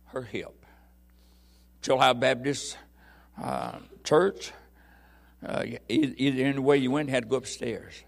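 Gravelly older preacher. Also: male voice, medium pitch. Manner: folksy rambling storytelling with fiery shouted bursts. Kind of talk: sermon.

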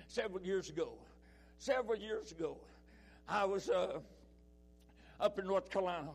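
A man preaching a sermon, emphatic, repeating his phrases and swinging between loud and soft. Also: sits high.

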